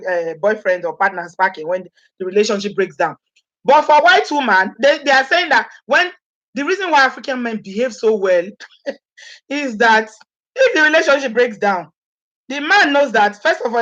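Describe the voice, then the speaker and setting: A woman's voice: medium pitch, highs cut off. A woman from Nigeria with a Nigerian accent, chatting animatedly to her viewers, laughing often and acting out what people say. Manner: animated, laughing often, acts out quoted speech. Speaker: vlogger. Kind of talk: casual chat to live viewers.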